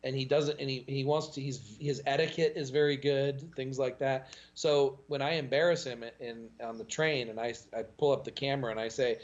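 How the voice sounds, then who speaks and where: A man talking as a podcast guest, in a casual, animated storytelling way. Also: moderate pace, hardly any pauses, highs cut off. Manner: animated storytelling with pitch jumps and laughs.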